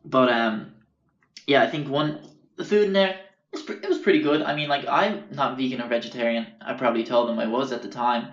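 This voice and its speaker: A man's voice: medium pitch, fairly quick, echoey room, lo-fi sound. Rambling Irish man telling stories. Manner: rambling, swears freely, self-interrupting. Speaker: podcast host. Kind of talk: casual storytelling.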